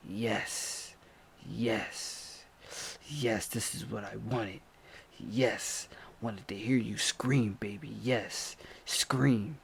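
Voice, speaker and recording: A man doing a hushed, menacing street attacker. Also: steady tone, very slow, gravelly, slight background noise, full character voice. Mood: hushed gloating. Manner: low hushed whispering taunts. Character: menacing intoxicated male attacker, obsessive.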